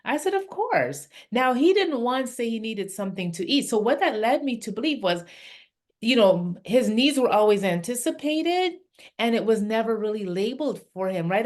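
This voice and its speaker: Older woman host telling a story. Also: a little high. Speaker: podcast host, parenting coach. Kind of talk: conversational podcast storytelling.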